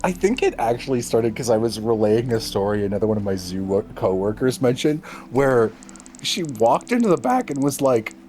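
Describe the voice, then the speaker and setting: A medium-pitched male voice at normal speed, with slight background noise. He's a streamer and podcast co-host, co-hosting a stream and telling animated stories in casual chat, laughing often.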